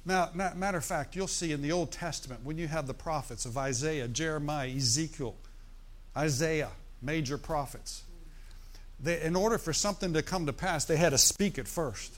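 Male pastor, fairly high voice, chatty sermon style, checks in with the room and leans on key words. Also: normal speed. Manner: conversational preaching with frequent "right?" and "amen?" asides.

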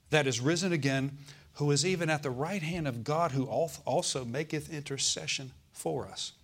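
A man preaching a sermon as pastor, calling out to the congregation and slowing down to stress scripture verses. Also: fairly high pitch, a bit bright. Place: church.

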